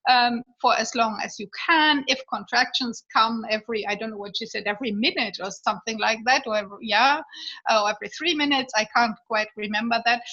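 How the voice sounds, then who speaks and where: A woman telling a personal story in a casual way, pausing often with fillers and restarts and laughing now and then. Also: a little high, sharp tone. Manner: halting, with many fillers and restarts. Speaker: guest sharing a birth story. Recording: dull lo-fi audio.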